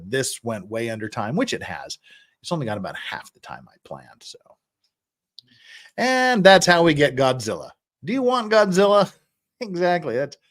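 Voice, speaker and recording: Lively, chuckling male livestream host. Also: medium pitch. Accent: American. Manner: lively, rambling, chuckles often, restarts words. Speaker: livestream host reading chat. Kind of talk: casual livestream chat.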